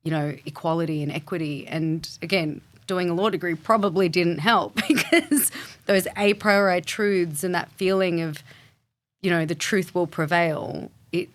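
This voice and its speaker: A woman's voice: lowish voice, normal speed. A woman with an Australian accent, a guest in an interview, talking candidly and thoughtfully in a reflective, flowing way with many fillers.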